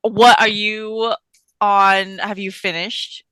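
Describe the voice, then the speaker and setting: A woman's voice: medium pitch, flat delivery, slow, pushed and bright, rough recording. A woman co-hosting a podcast, chatting casually about books with frequent giggles and teasing. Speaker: podcast co-host.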